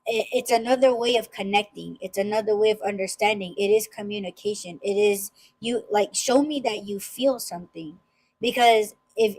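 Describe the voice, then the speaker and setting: A woman's voice: medium pitch, darkish tone, poor audio. A woman hosting a casual podcast chat, talking emphatically with frequent restarts and swearing. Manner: emphatic, swearing freely, many repeated restarts. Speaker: podcast host.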